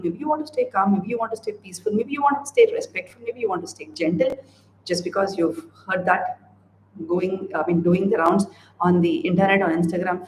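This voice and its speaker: A woman parenting coach talking straight to parents in an earnest way. She piles up repeated phrases in long lists. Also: fairly low pitch. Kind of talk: direct-to-camera advice talk. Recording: roomy echo with faint background noise.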